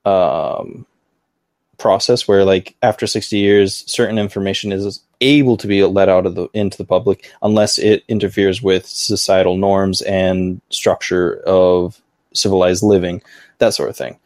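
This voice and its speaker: A man's voice: sits low, steady tone, moderate pace, darkish tone, dry recording, studio quality. A man hosting a casual livestream podcast, talking in a rambling, easygoing way full of fillers. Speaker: podcast host.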